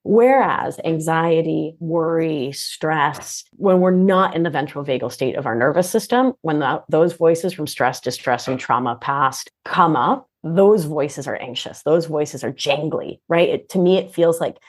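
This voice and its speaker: A woman guest on a podcast, an animated explainer who keeps checking in with "right?". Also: sits low, measured pace, hardly any pauses. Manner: animated, expressive explainer, often asks "right?". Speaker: podcast guest, nurse practitioner and coach. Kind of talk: conversational interview.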